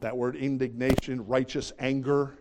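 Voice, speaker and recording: A man's voice: medium pitch, level tone, normal speed, background noise. A middle-aged man preaching a sermon, earnest and emphatic, reading scripture and asking his congregation questions.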